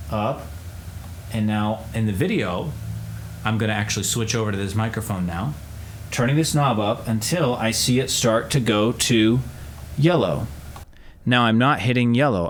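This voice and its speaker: A music producer with a lowish voice walks through his vocal recording process step by step at a normal pace, with a little hiss or hum on the audio. It's a casual tutorial demo, spoken into a handheld dynamic mic about a foot away in a home studio treated with curtains and rock wool, and he breaks in with loud sung test shouts.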